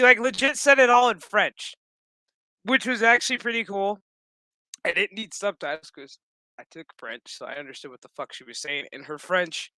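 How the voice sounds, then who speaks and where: A man's voice: sits high, bright, forceful tone, clear, resonant tone, no echo. A man giving a casual, profane episode recap with blunt opinions and exasperated, sarcastic asides. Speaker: show recap YouTuber.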